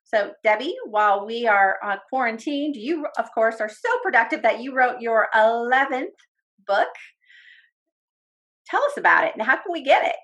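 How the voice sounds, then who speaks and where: Woman, podcast co-host, enthusiastic, warm, higher pitch, casual chat. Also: lively intonation, moderate pace, muffled recording.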